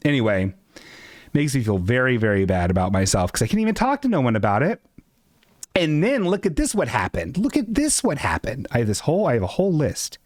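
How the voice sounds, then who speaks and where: Animated man ranting on a live stream. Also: a little fast, dry recording. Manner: animated, self-mocking, jumps into high squeaky voices for quotes. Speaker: streamer host. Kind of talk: casual live-stream rant. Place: apartment.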